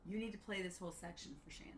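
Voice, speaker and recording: A woman's voice: mid-range voice, steady tone, racing, crowd noise. A woman co-hosting a podcast, chiming in with amused, teasing remarks. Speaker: podcast co-host. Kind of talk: casual chat.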